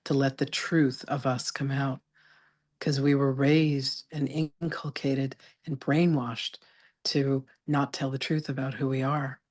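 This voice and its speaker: A woman hosting a spiritual interview, affirming her guests and telling lively stories with laughter. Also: extremely low pitch, unhurried. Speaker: host.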